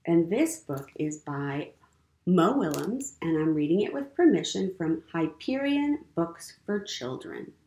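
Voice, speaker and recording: A woman leading a storytime for young children as a librarian, gentle and encouraging, often asking the kids questions. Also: fairly low pitch, very animated, unhurried. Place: public library program room. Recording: roomy room echo.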